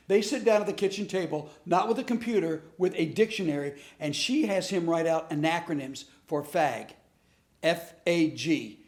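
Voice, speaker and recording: In an echoey room, a middle-aged man who is a comedian gives a storytelling lesson about bullying, performing each character's lines with lively energy. He speaks on the high side at a moderate pace.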